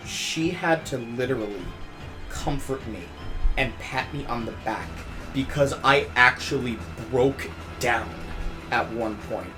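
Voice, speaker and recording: A man's voice: mid-range voice, a little slow. A young man hosting a casual gaming podcast, ranting emotionally and swearing often. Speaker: podcast host. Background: music.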